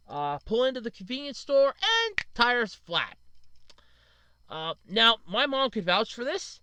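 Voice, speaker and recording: A man's voice: high voice, very animated, a little slow, sharp tone, clean tone. A man in his thirties hosting a casual solo podcast, venting in frustration and blaming himself, with lots of "uh". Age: 30s. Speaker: podcast host.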